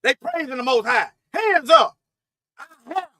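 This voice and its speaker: A man with a very high, bright, forceful voice preaches to his livestream viewers in a dry, close sound. He talks fervently, with sudden loud bursts, low muttered asides, and frequent repeated words and restarts. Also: big pitch swings, unhurried, no room sound. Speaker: self-styled Bible teacher on a livestream.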